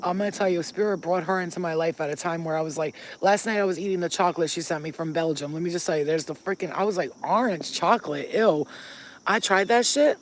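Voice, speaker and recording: A woman's voice: fairly low pitch, fast talker, hardly any pauses, low-quality recording. Woman, spiritual healer, casual vlog, emphatic, swearing, outdoors in a yard. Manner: emphatic, swearing, chatty, laughing asides. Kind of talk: casual chat to camera.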